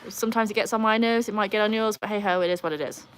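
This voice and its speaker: Very fast and steady in tone, a mid-range female voice belongs to a livestream host from North Yorkshire, England. She chats casually in a Yorkshire accent, slipping in wry jokes at her own expense, and slight background noise can be heard.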